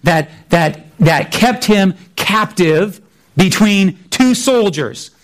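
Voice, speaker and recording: A man's voice: high-pitched, animated, slow. A man preaching a sermon in a conversational way, often restarting his sentences. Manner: conversational, restarts often, acts out voices of biblical figures. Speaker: pastor.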